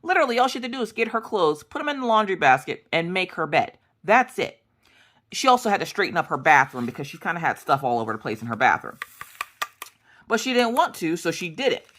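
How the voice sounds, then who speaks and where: A woman's voice: fairly low pitch, very animated, quick pace, a bit bright. A woman in her thirties chatting casually while she crafts, rambling through family stories and acting out the dialogue. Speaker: crafting vlogger.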